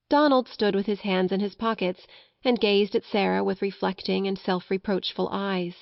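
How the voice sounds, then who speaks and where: Audiobook narrator, female, mid pitch, soft storytelling, dull dry recording. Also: steady tone, normal speed, no room sound. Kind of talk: scripted narration of a children's classic.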